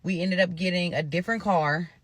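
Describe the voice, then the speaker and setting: A woman from Nebraska casually telling a personal story to viewers, animated and profane, calling them "y'all". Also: lowish voice, brisk, no echo. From Omaha, Nebraska.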